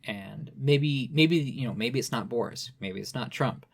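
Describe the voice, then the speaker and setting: A man's voice: medium pitch, unhurried, vocal fry. A young man talking casually on a podcast, rambling with many restarts and "you know" fillers. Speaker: podcast guest expert.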